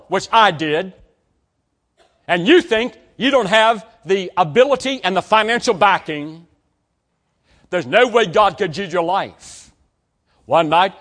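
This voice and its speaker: An older man preaching a sermon to students, telling a story and acting out the dialogue, rising to emphatic peaks and dropping low. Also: fairly bright tone.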